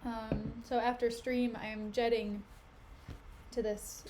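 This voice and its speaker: A woman's voice: a little high, little pitch movement, slow, warm tone, a little hiss or hum. A young woman streaming, retelling a play in a chatty, slangy way, her voice still recovering.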